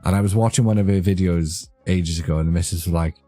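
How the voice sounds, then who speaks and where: A man's voice: sits low, quick pace, warm tone. A young man chatting casually with his live-stream audience, rambling and joking, easily amused. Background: faint background music.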